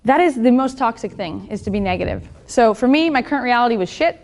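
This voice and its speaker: With lively intonation, a woman who coaches business and fitness delivers a seminar pep talk, swearing openly and speaking bluntly in a fairly high voice. Her energy sends her pitch and loudness jumping, and she constantly asks the crowd "right?"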